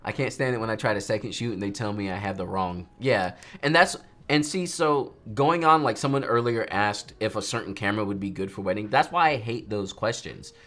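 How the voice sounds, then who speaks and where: Animated young man ranting casually. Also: on the low side, a little fast, hardly any pauses. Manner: animated, ranting, mimics others. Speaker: photographer teaching photo editing. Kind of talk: casual livestream chat while editing.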